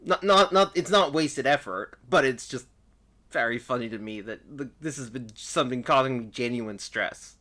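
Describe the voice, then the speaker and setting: A man's voice: mid-range voice, normal speed, bright, forceful tone. A man who does voice acting, chatting casually and laughing through a game playthrough, rambling with lots of fillers. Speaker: voice actor voicing a game playthrough. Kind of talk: casual let's-play chat.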